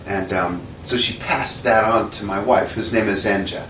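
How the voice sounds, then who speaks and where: A man being interviewed, telling a casual anecdote and acting out the quoted dialogue with lively shifts in voice. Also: lowish voice, moderate pace. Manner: animated storyteller who acts out quoted dialogue. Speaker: interview guest, drummer. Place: indoor room with a window. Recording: roomy echo, mic at a distance, faint background noise.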